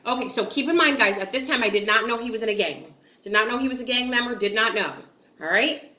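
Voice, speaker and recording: A woman's voice: a little high, fast talker, sharp tone, roomy sound. A woman from upstate New York telling a story to her viewers in a chatty, giggly way, acting out quotes and filling with likes and ums. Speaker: vlogger. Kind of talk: casual storytelling to camera.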